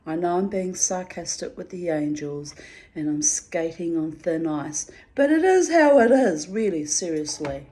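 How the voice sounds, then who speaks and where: Low, mellow woman rambling. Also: lively intonation, a little slow. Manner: chatty, quirky, salty, calls listeners babies and darlings. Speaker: vlogger. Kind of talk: casual rambling monologue.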